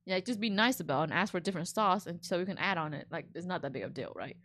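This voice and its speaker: A woman streamer reading an online story aloud and reacting to it with animated, indignant, slangy comments. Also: lowish voice, racing. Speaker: VTuber streamer.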